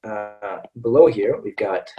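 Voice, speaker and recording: A man's voice: on the low side, animated, takes it slowly, far from the mic, highs cut off, faint music behind. Chatty American man teaching English. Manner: chatty, repeats words and says "all right" and "okay" often. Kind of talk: live webinar lesson.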